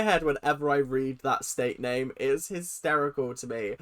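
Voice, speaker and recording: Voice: medium pitch, moderate pace, a bit bright. A reaction video host with a British accent, ranting dramatically in casual commentary.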